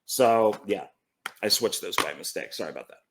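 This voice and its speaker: A man's voice: fairly low pitch, normal speed, background noise. A man casually going through his film collection, rambling, correcting himself and stumbling over names. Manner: relaxed, enthusiastic about films. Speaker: movie collector.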